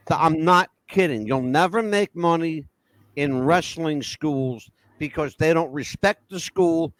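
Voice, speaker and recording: A man with a notably high voice hosts a casual podcast chat, blunt and emphatic, swearing as he makes his points. The sound is dry and close, with no room around it. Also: a little slow, a bit bright, no echo. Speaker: podcast host.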